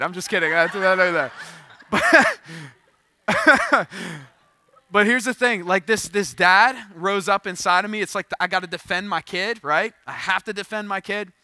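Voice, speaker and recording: Pastor, thirties, male; high, very bright voice, dry close sound, animated storyteller. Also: unhurried, long pauses, no room sound. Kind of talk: sermon.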